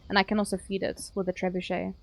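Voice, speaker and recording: A woman's voice: medium pitch, monotone, fast talker, creaky. A woman streaming a game, chatting casually and swearing while she plays. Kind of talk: casual gameplay commentary.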